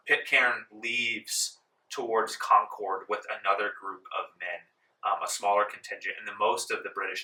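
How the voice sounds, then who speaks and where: A man narrating as game master in a tabletop game, relaxed, with many ums, in a library meeting room. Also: fairly low pitch. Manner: relaxed, full of ums, laughs along. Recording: roomy echo, distant mic.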